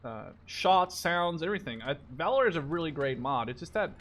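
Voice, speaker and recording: A man's voice: fairly high pitch, expressive, a little fast, fairly bright tone. A man in his twenties, originally from the Netherlands, giving casual, rambling commentary while he plays a war game, swearing now and then. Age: 20s. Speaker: gaming YouTuber. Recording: faint game noise and artillery behind.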